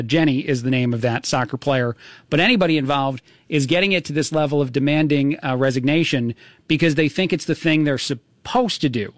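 A man hosting a talk radio show, musing out loud with many fillers and restarts. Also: medium pitch, no room sound. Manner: rambling, full of uh and restarts. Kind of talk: casual talk radio commentary.

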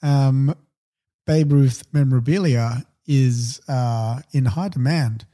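A man's voice: medium pitch, slow, warm tone. A man co-hosting a podcast, casual, with dry, wry remarks. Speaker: podcast co-host. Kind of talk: casual chat.

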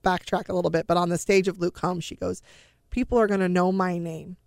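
A woman's voice: fairly low pitch, steady tone, a little fast, vocal fry, darkish tone, dry recording, studio quality. A middle-aged woman recounting a personal story as an interview guest. She speaks earnestly and emotionally, and acts out the dialogue she quotes.

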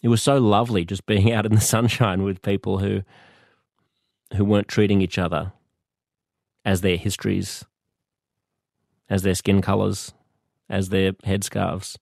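A man with an Australian accent hosting a podcast, speaking in a thoughtful, measured monologue with pauses and restarts. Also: low-pitched, flat delivery, vocal fry, darkish tone, no room sound, clean studio sound. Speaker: podcast host. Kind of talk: reflective monologue.

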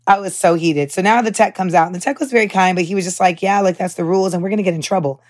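A woman's voice: fairly low pitch, racing, few pauses. Chatty young woman podcaster. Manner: candid, animated storytelling with profanity and many fillers. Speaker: podcast host. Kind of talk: casual chat.

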